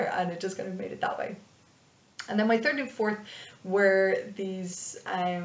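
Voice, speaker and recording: A young woman who runs tabletop games, chatting loosely about her campaign with lots of fillers. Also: mid-range voice. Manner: chatty and rambling, with many fillers. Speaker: dungeon master. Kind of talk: casual advice vlog. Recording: echoey room, distant dull mic.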